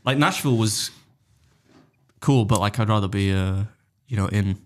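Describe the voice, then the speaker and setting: An English man telling travel stories on a podcast, animated and laughing, with some swearing. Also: on the low side, normal speed. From England. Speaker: podcast co-host. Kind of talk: casual podcast chat.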